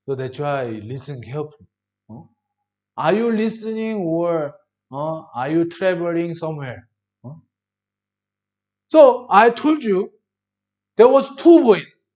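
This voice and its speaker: Slow-preaching man in broken English. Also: on the high side, very animated. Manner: broken English, rhetorical questions to the congregation; swings between loud emphasis and soft drops. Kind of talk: sermon.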